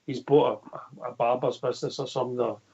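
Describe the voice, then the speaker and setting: Gravelly radio host. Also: male voice, mid-range voice, fairly even intonation, fast talker, dark tone, highs cut off. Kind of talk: casual call-in chat.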